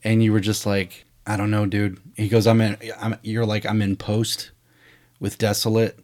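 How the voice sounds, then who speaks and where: A man with a lowish voice talks casually on a podcast. He is a screenwriter telling a story, slipping into quoted dialogue. His talk is candid and full of swearing. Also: completely flat delivery, normal speed, a little mellow. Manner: profane, candid.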